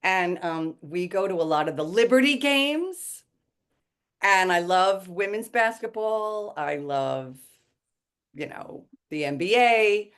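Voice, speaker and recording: A woman with a New York accent, a stage actress telling stories as a podcast guest in a lively, playful, theatrical way. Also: medium pitch, takes it slowly, clean tone. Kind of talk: casual podcast chat.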